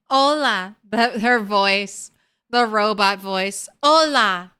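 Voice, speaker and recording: A woman live-streaming a game, her voice bright and very clear. She talks unhurriedly in a fairly high register. She greets viewers by name and chats through her progress. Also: drawn-out words. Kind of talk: casual live-stream chat while gaming.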